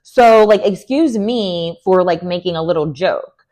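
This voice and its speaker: A young woman with a sassy, animated manner, giving an opinionated recap of a reality TV show. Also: lowish voice, measured pace. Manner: animated, sassy, lots of "like" and "girl". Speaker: recap vlogger.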